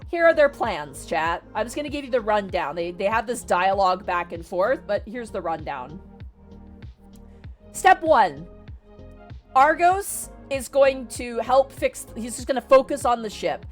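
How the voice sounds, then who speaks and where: A young woman with a somewhat high voice rattles through a story recap for her stream chat, excitable and quick, swearing and laughing as she goes. Faint music plays underneath her. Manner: excitable, rapid, swears freely, laughs mid-sentence. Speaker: VTuber streamer. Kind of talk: casual retelling of a novel to a stream chat.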